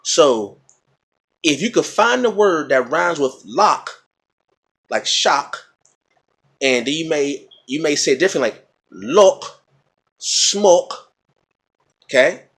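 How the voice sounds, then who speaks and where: Husky man explaining rhymes, teacherly. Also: on the high side, animated, measured pace, pauses often, a bit bright. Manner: teacherly, repeats words and checks in with "okay?". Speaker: vlogger explaining battle rap. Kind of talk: casual explanatory talk.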